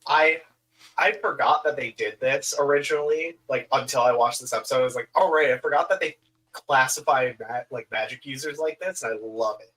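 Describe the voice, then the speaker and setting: A man's voice: medium pitch, a little fast, a bit bright, rough recording. A man co-hosting a podcast, casually explaining game details in a matter-of-fact way. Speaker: podcast co-host. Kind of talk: casual chat.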